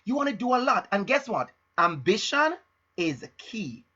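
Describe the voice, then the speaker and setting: A man delivering an emphatic, frank motivational talk, driving home each point through repetition. His voice is bright and a little husky. The stream audio is dull and lo-fi. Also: sits high, sing-song, normal speed. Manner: emphatic, repeats phrases for stress; frank and direct. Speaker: motivational speaker.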